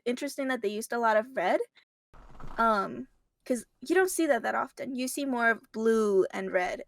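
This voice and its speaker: A woman chatting casually as a guest, animated and giggly as she retells things. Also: fairly high pitch, dry recording, clean studio sound. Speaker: guest reviewer. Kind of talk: casual chat.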